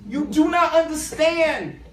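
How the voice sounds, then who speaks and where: A man's voice: extremely high pitch, expressive, slow pace. A man giving a community talk to a live audience as a guest speaker, speaking emphatically and colloquially and addressing the crowd directly. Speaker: guest speaker, education professor. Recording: echoey room, mic at a distance.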